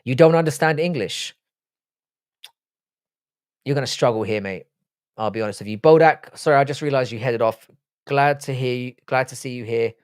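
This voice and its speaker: A man's voice: mid-range voice, fairly quick, smooth, dry recording, clean studio sound. A man hosting a livestream in a casual, offhand and profane way, reading chat messages aloud and replying to them. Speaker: livestream host.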